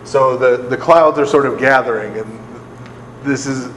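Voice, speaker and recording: A man's voice: medium pitch, unhurried, echoey room, long reverb tail, a little hiss or hum, poor audio. A man, a priest, leading a live Bible study for a group, conversational and often laughing, checking in with his listeners. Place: large hall with a live group.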